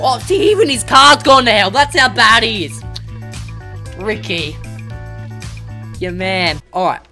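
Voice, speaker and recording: A woman gamer giving casual let's-play commentary, chattering to game characters and breaking into excited shouts. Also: medium pitch.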